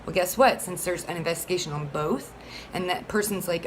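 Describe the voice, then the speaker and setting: A woman's voice: lowish voice, brisk, a little hiss or hum, poor audio. A woman speaking as a single mother, pleading earnestly for support of a bill in a rambling, heated way full of fillers. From Florida. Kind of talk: casual advocacy monologue.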